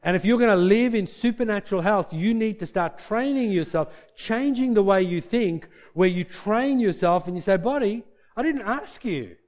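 Man, pastor, sermon, conversational, fairly high pitch. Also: moderate pace, few pauses, a little mellow. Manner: conversational preaching that acts out little dialogues.

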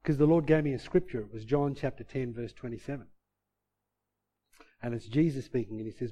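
A man preaching a sermon, swinging between loud emphatic bursts and quiet, low asides as he retells scripture and his own story. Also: fairly quick, pauses often, slightly rough.

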